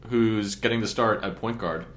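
A man's voice: on the low side, normal speed, fairly bright tone. A man hosting a casual sports talk show, asking questions and teasing his co-hosts. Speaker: podcast host.

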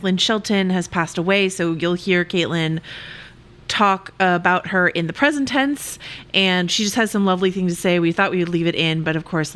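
A woman co-hosts an awards podcast, talking with eager enthusiasm. Her voice is bright and forward yet sits a little low. She chats freely with filler words. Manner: enthusiastic, chatty. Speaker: podcast host. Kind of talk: casual podcast chat.

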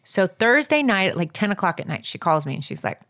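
A woman's voice: fairly low pitch, big pitch swings, brisk, a bit bright. A woman co-hosting a casual chat, telling a story animatedly, full of "like" and addressing listeners as "you guys". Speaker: podcast co-host.

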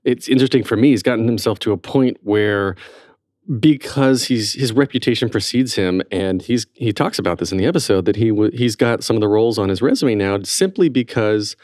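A man with a fairly low voice hosts a theater podcast in a loose, chatty way. He laughs easily and talks through his thoughts. The sound is close and dry with no room in it. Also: brisk, darkish tone, no echo. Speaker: podcast host. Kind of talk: casual chat.

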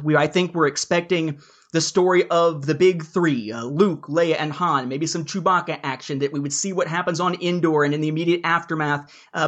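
A man's voice: a little high, fairly bright tone. A man hosting a casual podcast discussion, chatty and jokey, laying out his points in order. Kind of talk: casual book-review discussion.

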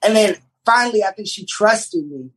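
A young man, a writer, chatting casually on a podcast and telling an animated story full of restarts. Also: sits high, normal speed, breathy edge, poor audio. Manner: animated storyteller, many restarts, does voices in quotes. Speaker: writer and showrunner guest.

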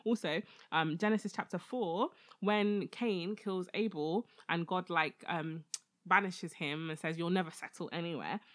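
A woman in casual chat who chimes in with quick jokes. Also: fairly low pitch.

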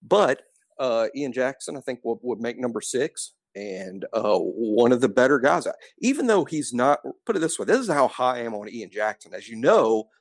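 A man's voice: medium pitch, sing-song, normal speed, no room sound, clean studio sound. A man co-hosting a casual sports podcast, explaining his points in a conversational way and stressing the key facts. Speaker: podcast co-host.

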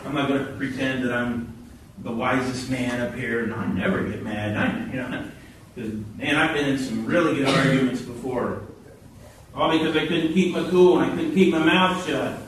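A man's voice: medium pitch, normal speed, far from the mic, a little hiss or hum. Man preaching a sermon in an echoey hall. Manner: storytelling with animated quoted voices.

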